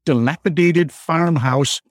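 A man in his seventies from Michigan, calling in and telling a personal story slowly and deliberately, with many pauses. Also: on the high side, dry recording. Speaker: caller telling a ghost story. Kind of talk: storytelling on a radio call.

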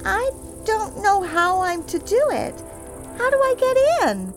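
A woman voicing a frightened, tearful little girl in a storybook reading, pleading in a high voice. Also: wildly swooping pitch, slow pace, soft background music, exaggerated voice. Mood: feigned innocence.

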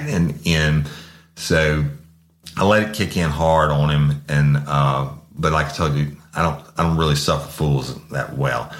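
A man's voice: very deep voice, steady tone, a little slow, roomy sound. A man hosting a true-crime podcast, telling a story from his police career in a blunt, profane way. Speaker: podcast host, former officer.

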